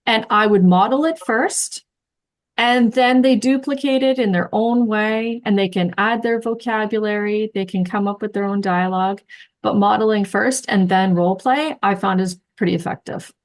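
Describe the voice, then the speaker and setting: A woman's voice: mid-range voice, normal speed. A woman participant explaining how she models dialogues for her students before role play. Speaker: workshop participant. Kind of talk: sharing teaching practice.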